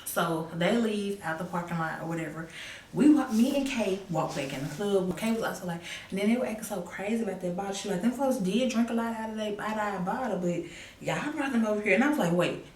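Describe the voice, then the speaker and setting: A woman telling a story in a casual vlog, animated and sassy, jumping from loud exclaims to hushed asides. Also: mid-range voice, fast talker, recorded from a distance. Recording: echoey room, a bit off-mic, faint hum.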